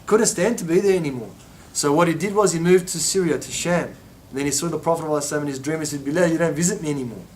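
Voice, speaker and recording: Male teacher, informal lesson delivery, acts out quotes; slightly raised pitch, faint room rumble. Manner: acts out quoted voices with rising pitch, many restarts. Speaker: religious teacher.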